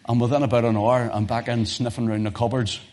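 A man preaching a sermon as pastor, emphatic, swinging from loud exhortation to near whispers. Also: mid-range voice, level tone, fast.

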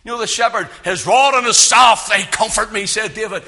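A man preaching a sermon in a church, with a loud, carrying voice that swings from emphatic peaks to low, hushed lines. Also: brisk. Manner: impassioned, rising to loud emphatic peaks then dropping low. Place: church with speakers.

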